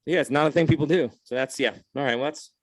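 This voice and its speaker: A man co-hosting a podcast in casual chat, joking and easygoing with quick quips. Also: on the high side, a little hiss or hum. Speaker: podcast co-host.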